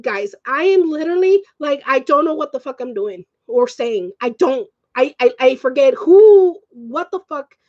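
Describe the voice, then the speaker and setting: High-pitched woman ranting, lo-fi recording. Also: lively intonation, moderate pace, few pauses, a little mellow. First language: Spanish. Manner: agitated, swearing, emotional. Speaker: vlogger. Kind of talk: emotional rant vlog.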